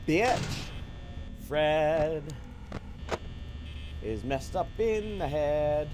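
A young man playing a horror game and commenting, excitable, swearing at it, yelping and trash-talking. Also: on the high side, very slow, pauses often, background noise. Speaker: gaming YouTuber. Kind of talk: let's play commentary. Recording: game music loud behind voice. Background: game music.

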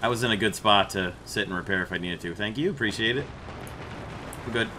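A man hosting a gaming channel, explaining his match in a relaxed way and then calling out targets to his squad. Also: fairly low pitch, brisk, noisy background. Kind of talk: gameplay commentary and squad voice chat.

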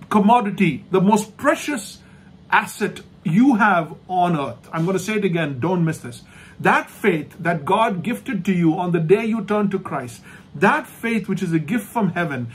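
A man preaching a sermon as pastor, emphatic and repetitive, slowing down to stress points and dropping to a soft hush at the end of each thought. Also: sits high, breathy edge. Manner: emphatic, repeats key phrases, slows down for stress. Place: online church service.

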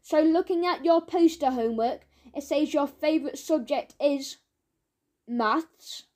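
Woman reading as a firm male teacher in a children's story, measured and fair, fairly high voice. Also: a little mellow. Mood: stern. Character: stern but fair male schoolteacher.

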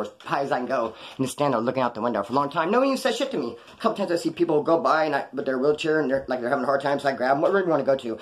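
A man telling stories from his past in a casual, rambling, slangy way. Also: mid-range voice. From California, USA. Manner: rambling, slangy, acts out quoted voices. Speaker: storyteller recounting his past. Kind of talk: casual storytelling on a live stream.

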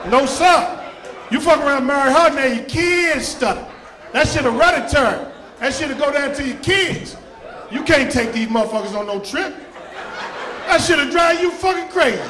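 High-pitched rowdy male stand-up comedian. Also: animated, moderate pace. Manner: loud, rowdy, shouting punchlines. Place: comedy club stage. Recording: roomy club with audience noise. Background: audience laughter and crowd noise.

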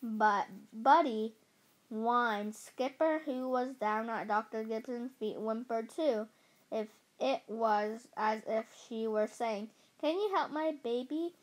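A woman reading a children's book aloud in a halting way, often correcting herself. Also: fairly high pitch, fairly even intonation. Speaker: storybook reader.

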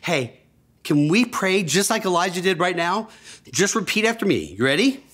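Lively man telling a kids' Bible story. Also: sits high, moderate pace. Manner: enthusiastic, gasping, leads children in call-and-response. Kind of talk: animated storytelling to young children.

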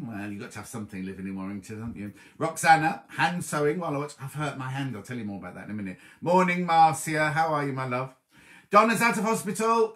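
A man hosting a casual live stream from home, chatting warmly and reading out viewers' comments, with a slight cough. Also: medium pitch. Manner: chatty, affectionate, reads viewers' comments aloud. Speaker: livestream host.

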